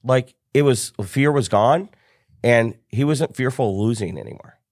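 Animated middle-aged man telling a story. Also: mid-range voice, moderate pace, no room sound, clean studio sound. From United States. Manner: animated storyteller acting out quoted dialogue. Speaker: business coach, podcast guest. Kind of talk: storytelling in casual conversation.

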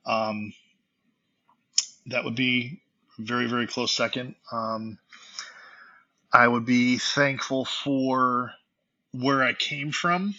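Reflective man, bright slightly dull sound. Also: mid-range voice. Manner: reflective, hesitant, many fillers. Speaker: guest musician. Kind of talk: casual interview answers.

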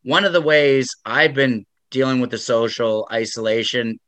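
A male host with a bright, forceful tone talks earnestly in a casual interview. His voice is close and dry, with a measured, reflective delivery. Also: mid-range voice, dry recording. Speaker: podcast host.

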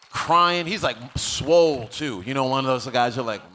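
A man's voice: mid-range voice, normal speed, few pauses, bright, forceful tone, a little hiss or hum. A man preaching a sermon as pastor, telling stories casually and building to emphatic preaching.

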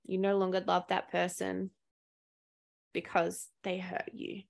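A woman's voice: lowish voice, monotone, unhurried, creaky. A woman, possibly, hosting a solo podcast, talking in a candid, earnest way with casual swearing and frequent laughs. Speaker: podcast host. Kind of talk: reflective solo podcast talk.

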